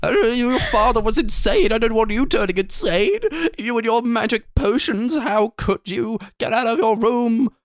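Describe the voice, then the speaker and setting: A man voicing a shrill, overbearing middle-aged mother who shouts at her son. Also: normal speed, hardly any pauses, no room sound, studio quality. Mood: hysterical.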